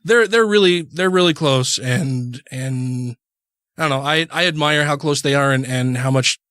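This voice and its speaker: A man's voice: a little high, normal speed, fairly bright tone, no room sound, clean studio sound. Rambling man telling a story on a podcast. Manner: rambling, many restarts and "you know"s. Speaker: podcast co-host. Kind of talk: casual storytelling.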